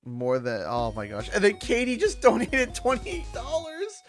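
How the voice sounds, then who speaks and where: A man's voice: very high voice, huge pitch swings, measured pace, music in the background. Chatty Canadian man streaming. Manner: chatty, thanks donors by name, laughs often. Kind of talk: casual livestream chat.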